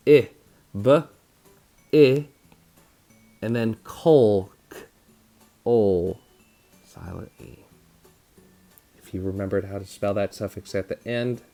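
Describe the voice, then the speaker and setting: A man teaching a phonics spelling lesson to children, sounding out words slowly and patiently and over-enunciating each syllable. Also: fairly low pitch, dark tone.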